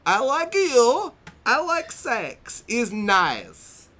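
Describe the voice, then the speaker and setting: A man reading lines aloud in a deliberately over-the-top put-on foreign accent, slow and pompous. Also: huge pitch swings, sharp tone, heavily acted. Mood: hammy. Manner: overdone mock accent, slow and high.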